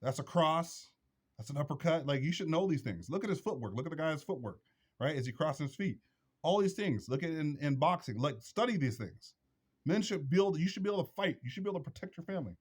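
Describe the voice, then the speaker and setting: A man's voice: fairly high pitch, lively intonation, fairly quick, breathy edge. Blunt, preachy man giving advice. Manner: preachy, repetitive, emphatic. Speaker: vlog host.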